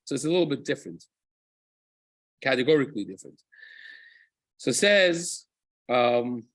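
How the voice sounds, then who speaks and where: A man's voice: mid-range voice, lively intonation, moderate pace, dry recording, rough recording. A man, a rabbi, teaching a daily lesson on Jewish law in a casual explanatory way, often restarting and checking "right?". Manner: drops into chanting Hebrew verses.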